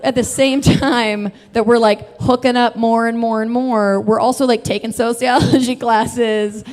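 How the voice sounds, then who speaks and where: A woman's voice: medium pitch, darkish tone, big-room sound. Laughing, chatty woman telling a story. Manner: chatty, laughs often, swears freely. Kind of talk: live stage storytelling.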